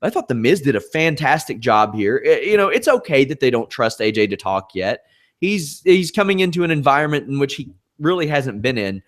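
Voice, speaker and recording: A man's voice: mid-range voice, very animated, fairly quick. A man hosting a podcast, moving through topics in a conversational way and putting questions to his co-host. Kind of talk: casual podcast chat.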